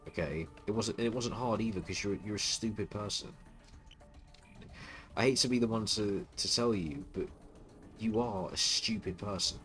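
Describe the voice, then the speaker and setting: A male streamer in the middle of a scornful, profanity-laced rant, tripping over his own words as he doubles back. His voice runs on the low side. Soft music plays behind him. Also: moderate pace. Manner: contemptuous, stuttering restarts, swearing. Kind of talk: ranting stream commentary.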